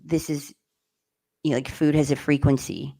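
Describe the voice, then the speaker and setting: Gravelly-voiced woman explaining earnestly. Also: sits low, flat delivery, normal speed, dark tone. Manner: earnest, explanatory, with filler words. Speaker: guest. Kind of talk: casual chat.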